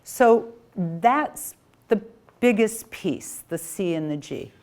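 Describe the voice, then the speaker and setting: A woman teaching reading and spelling, coaching a student patiently. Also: mid-range voice. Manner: slow, calm, coaching. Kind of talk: patient phonics instruction.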